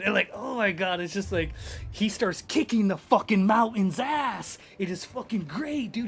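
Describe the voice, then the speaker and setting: A young man, a game streamer, rambling in excitable, profane casual chat at his home gaming setup on a desk microphone. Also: sits high, moderate pace.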